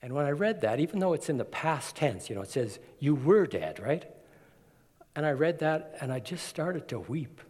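A man's voice: a little high, expressive, normal speed, darkish tone. A man preaching a sermon, telling a personal story in an earnest way and acting out quotes as he goes. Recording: long hall reverb.

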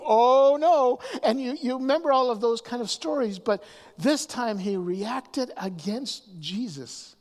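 A man preaching a sermon, often restarting his words and swinging from hushed asides to raised emphasis. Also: sits high. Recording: long hall reverb.

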